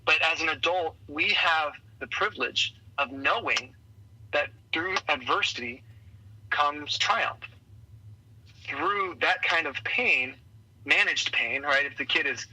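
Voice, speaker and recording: A man speaks as a podcast guest with a forceful, bright tone and a breathy, husky edge, a little higher than most men. He tells stories with energy, briefly taking on the voices of the people in them. The sound is thin, as if it comes over a phone line. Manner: energetic storyteller who acts out quoted voices. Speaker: podcast guest, leadership coach. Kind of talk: conversational interview.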